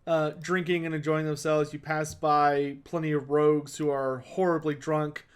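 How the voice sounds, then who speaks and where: A man narrating as game master in a tabletop game, halting with many fillers. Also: a little high, level tone, clear, resonant tone.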